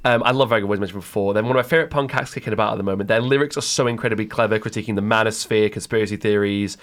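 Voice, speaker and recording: A man's voice: on the low side, racing. A young man from England co-hosting a radio show, rambling enthusiastically with many fillers. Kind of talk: casual radio chat about music.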